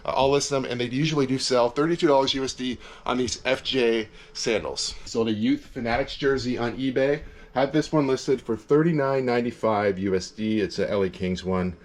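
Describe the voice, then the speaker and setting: A man's voice: mid-range voice, normal speed. Easygoing man chatting about resales. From Canada. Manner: easygoing, rambling, frequent fillers. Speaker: reseller vlogger. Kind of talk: casual vlog chat. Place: cold backyard shed with heater.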